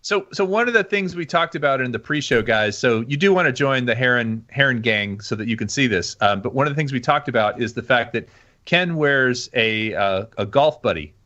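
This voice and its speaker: A man's voice: mid-range voice, lively intonation, a little fast, bright, forceful tone, muffled recording. A man co-hosting a live stream, bantering in an easygoing way. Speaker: co-host. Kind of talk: casual live-stream chat.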